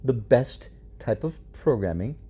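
A man's voice: mid-range voice, expressive, unhurried, dark tone. A man co-hosting a podcast, chatting casually and teasing his co-host. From United States. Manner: teasing, joking. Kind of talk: casual chat.

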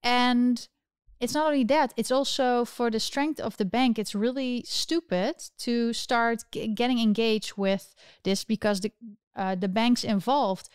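Smooth-voiced indignant woman commentator. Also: a little high, a little slow, dry recording, studio quality. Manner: animated, indignant, restarts often. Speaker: political commentary host. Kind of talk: casual political commentary.

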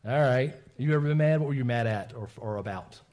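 A medium-pitched man talks briskly as he gives the children's message at church. Animated throughout, the pastor poses questions to the kids and ends lines with "right?"

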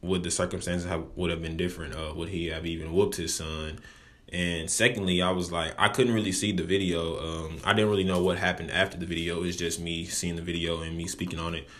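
Deep-voiced young man ranting casually. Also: flat delivery, a little fast, fairly bright tone. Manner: loose and profane, rambling with restarts. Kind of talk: casual monologue to camera.

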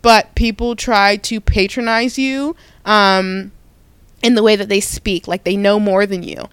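A young woman talks through a personal story in a smooth, clear voice at a middle pitch. She is animated and often restarts or corrects herself mid-sentence. The sound is dry and close, with no room around it. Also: a little slow, no room sound. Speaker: podcast host.

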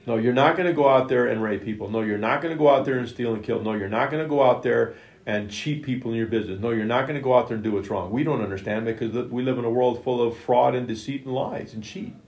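Male preacher, gravelly voice, emphatic sermon delivery, roomy echo. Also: mid-range voice, fast talker, darkish tone. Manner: emphatic, retells scripture in plain everyday words. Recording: echoey room.

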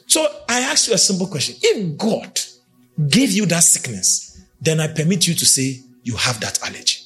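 A man preaching a sermon, emphatic, swinging between shouts and low, intense speech. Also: big pitch swings, normal speed, breathy edge, faint music behind. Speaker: prophet preaching.

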